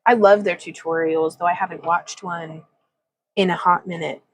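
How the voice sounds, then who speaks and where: In a lowish, steady voice at normal speed, a woman hosts a casual craft livestream from her home craft room, captured on a low-quality recording. She rambles chattily through a wire-wrapping demonstration, laughs often, and reads chat comments aloud.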